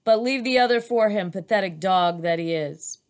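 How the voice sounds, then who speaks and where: A woman's voice: mid-range voice, normal speed, natural voice. A woman reading aloud, voicing a boastful male beast who scorns a rival tiger. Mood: mocking. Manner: mocking, laughing.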